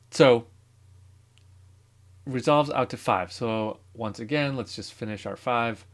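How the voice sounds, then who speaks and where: A man's voice: mid-range voice, slow, long pauses. A man teaching music theory in a casual lecture, thinking aloud and correcting himself as he goes. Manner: relaxed, thinking aloud with fillers and self-corrections.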